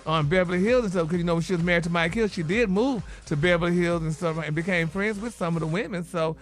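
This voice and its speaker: A man's voice: sits high, fast, soft background music. A man dishing celebrity gossip on a morning radio show, sassy and calling everyone honey and baby. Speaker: radio co-host, gossip segment.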